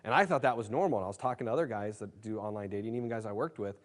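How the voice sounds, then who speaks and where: A man's voice: on the low side, racing. A man presenting a dating seminar in a brash, casual storytelling way, swearing freely and leaning on fillers. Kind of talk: casual seminar talk to a live room.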